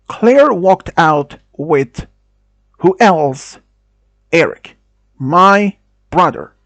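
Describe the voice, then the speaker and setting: A man whose first language is Swedish tells a first-person story, halting with restarts and non-native phrasing. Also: fairly high pitch, no echo.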